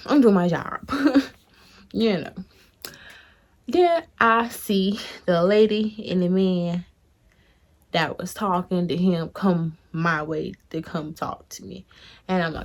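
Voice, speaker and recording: A young woman vlogger telling a workplace story in an animated, chatty way, talking straight to her viewers and swearing freely. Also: on the low side, normal speed. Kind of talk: casual storytime.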